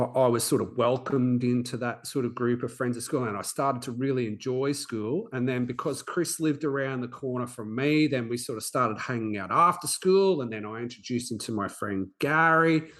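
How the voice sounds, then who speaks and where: Man in his forties, podcast host, earnest personal storyteller, halting delivery, average pitch. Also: fairly bright tone. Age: 40s. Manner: earnest, halting, with frequent restarts.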